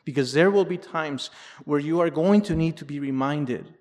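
Male pastor, sermon, expressive scripture reading, fairly high voice, long hall reverb. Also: normal speed. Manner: expressive, reads scripture aloud and adds asides.

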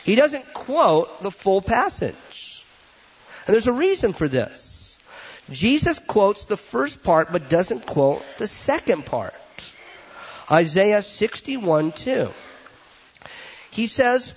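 A male pastor preaching with a high, husky voice that swings up and down with energy. He acts out quick comic voices to make his point. The recording is dull and lo-fi. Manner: animated preaching that acts out little voices for laughs. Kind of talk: sermon.

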